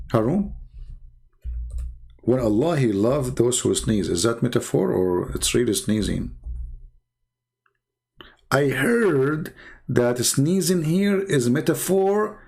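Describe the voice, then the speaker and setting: A man's voice: mid-range voice, vocal fry, a little mellow. A man whose first language is Arabic, speaking English with an Arabic accent in sarcastic, mocking commentary full of fillers and restarts. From Arab world. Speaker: host. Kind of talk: mocking live-stream commentary.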